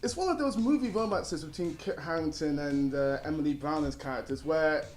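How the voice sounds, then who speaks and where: A young man giving an animated, rambling film review, often laughing. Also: a little high, fairly quick, reverberant. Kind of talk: casual film review chat.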